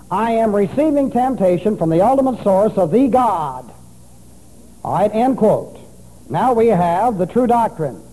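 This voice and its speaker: A man delivers an expository sermon, stopping to spell Greek words letter by letter. His voice sits high yet sounds very dark and mellow. It rings with the long reverb of a large church hall. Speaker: pastor.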